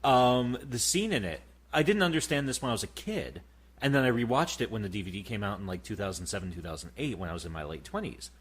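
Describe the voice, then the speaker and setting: A man in his thirties co-hosting a casual podcast, swearing freely and telling animated stories. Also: on the low side, fast talker, husky. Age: 30s. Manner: profane, animated storytelling. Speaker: podcast co-host. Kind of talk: casual chat.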